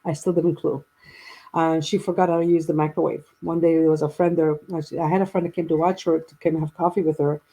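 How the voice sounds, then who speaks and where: A woman in her fifties talks through a family story in conversation. Her voice is mellow and a little husky. She rambles, restarts her sentences and acts out what people said. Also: deep voice, level tone, quick pace, rough recording. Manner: rambling, with many restarts and quoted dialogue. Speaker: guest.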